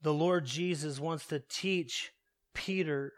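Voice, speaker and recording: Slow, high-voiced male preacher. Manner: slow, deliberate, repeating key phrases. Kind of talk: sermon.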